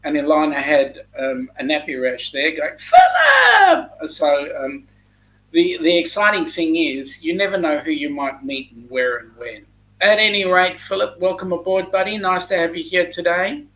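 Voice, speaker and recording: A man's voice: sits high, pushed and bright, rough recording. An Australian man hosting a casual live stream, greeting viewers by name and chatting loosely, with lots of ums. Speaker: host of a live chat stream.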